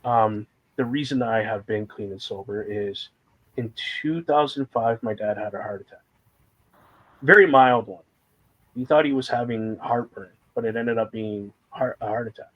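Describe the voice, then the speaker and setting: A man with a husky, slightly rough voice talks openly about his feelings in a relaxed conversation. He rambles a little, leaning on fillers, and sounds close to tears at times while staying earnest. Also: medium pitch, moderate pace, muffled recording. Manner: candid, fighting back tears at times. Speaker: guest sharing a personal story. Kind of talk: casual conversation.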